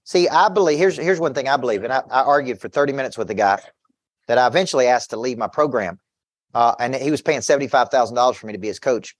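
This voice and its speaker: A man's voice: medium pitch, quick pace, dry recording, studio quality. A man who works as a business coach, giving an intense motivational seminar talk to an audience, telling stories with quoted back-and-forth dialogue and repeating words as he pushes his points.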